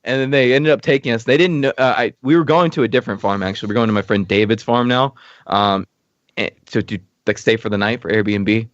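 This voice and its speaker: A man's voice: medium pitch, brisk, no echo, muffled recording. A man from Texas, a podcast guest, telling a long casual story with lots of "like" fillers and frequent chuckles. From Texas, USA. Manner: rambling, many "like" fillers, chuckles often.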